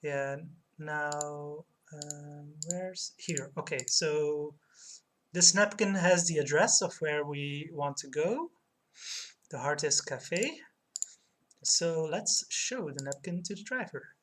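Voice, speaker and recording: A woman with a lowish voice plays through an old point-and-click game, reading text aloud and chatting with her viewers. She talks quietly and casually, and a faint hiss sits behind her. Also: slow. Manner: soft, quiet, chatty with live chat. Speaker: streamer.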